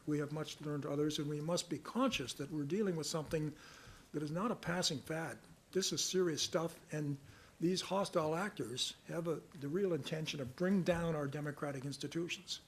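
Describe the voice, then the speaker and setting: An older man answering reporters' questions at a news conference, measured and earnest, sometimes reading passages aloud. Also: a little high, a little hiss or hum. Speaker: special rapporteur answering press questions.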